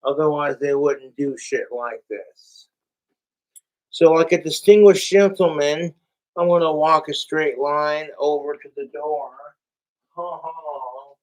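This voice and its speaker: A man's voice: a little high, steady tone, takes it slowly, a little mellow. A young man livestreaming from home, rambling and swearing in a frustrated, casual monologue. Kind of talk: casual live-stream monologue.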